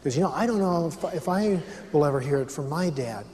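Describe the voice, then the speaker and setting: A man who speaks on family and counseling tells a personal story in sermon style, earnest and putting questions to the audience. His fairly high voice is expressive, brisk and a little mellow, ringing out with long reverb as if recorded live in a large hall.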